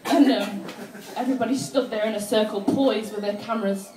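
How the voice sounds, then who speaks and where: A woman performing a lively stand-up comedy set, often laughing as she tells her stories. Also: mid-range voice, brisk, noisy background. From England. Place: live venue with audience laughter. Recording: echoey room, mic at a distance.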